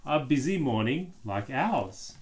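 A man voicing a kind female gazelle playgroup teacher in a read-aloud storybook, gentle and patient. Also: mid-range voice, very animated, slow pace, voice pushed up.

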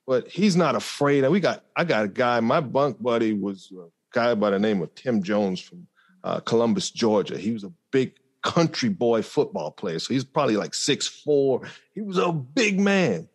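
A man speaking as a podcast guest, telling a personal story in an earnest, reflective way with frequent pauses and fillers. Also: medium pitch, lively intonation, husky. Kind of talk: conversational storytelling.

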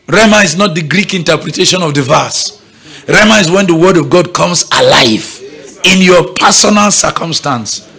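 A man with a fairly high-pitched voice, vocal fry, and a breathy edge preaches at normal speed. He's a Nigerian-accented pastor leading a morning prayer meeting at church, bright and emphatic, often asking if everyone is following.

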